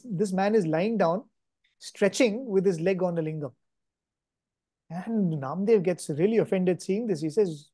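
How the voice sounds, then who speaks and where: A man giving a devotional talk at a spiritual gathering, telling a story at an unhurried pace with frequent pauses and self-corrections. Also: sits high, dark tone, no echo. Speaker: guest speaker at a spiritual gathering.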